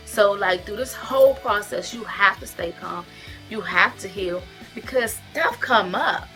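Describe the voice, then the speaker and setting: An unhurried woman with a mid-range voice speaks over faint background music. She's a vlogger recounting her weight-loss surgery recovery in a casual to-camera chat, earnest and expressive, emotional in her retelling and direct in her heartfelt advice.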